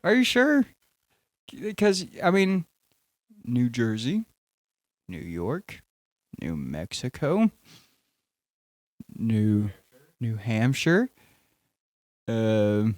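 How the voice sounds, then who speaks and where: Young guy podcasting, middle pitch, dead dry room, rambles and jokes around a lot. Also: big pitch swings, very slow, pauses often, darkish tone, no echo. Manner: rambling, jokey, self-interrupting. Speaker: podcast host. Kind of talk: casual podcast chat.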